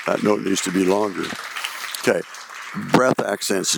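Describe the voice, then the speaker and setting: A man coaching a band in rehearsal, singing rhythms with syllables and giving quick instructions. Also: sits low, fairly even intonation, vocal fry. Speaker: band director. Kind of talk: rehearsal coaching with sung examples. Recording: music playing under the voice.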